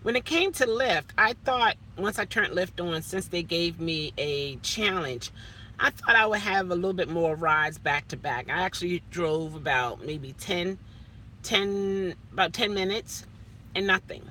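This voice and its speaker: A woman's voice: fairly low pitch, lively intonation, a little slow, pushed and bright, a little hiss or hum. A woman rideshare driver chatting casually to her vlog from inside her car, rambling with little self-talk asides.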